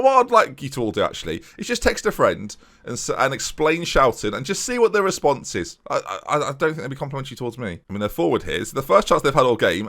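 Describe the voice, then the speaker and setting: Give me an excitable male streamer with a lively, bouncing voice calling the game play by play. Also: medium pitch. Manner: chatty, addresses viewers, excitable play-by-play. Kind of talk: let's-play commentary.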